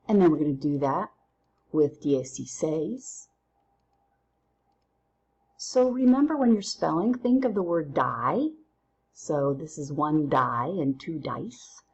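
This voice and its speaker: Playful slow-talking woman teacher, gravelly. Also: low voice, expressive, a little mellow. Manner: playful, slips into silly voices and memory tricks. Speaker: Spanish teacher. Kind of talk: recorded language lesson, counting drills.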